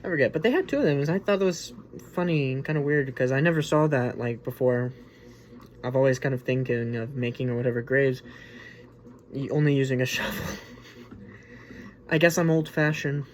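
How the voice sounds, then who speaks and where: A man's voice: mid-range voice, fairly quick, pauses often, a little hiss or hum. A man hosting a casual spoken movie review, rambling and informal with lots of restarts and filler words. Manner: rambling and informal, with many restarts, "like" and "you know". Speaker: movie reviewer, host of the show.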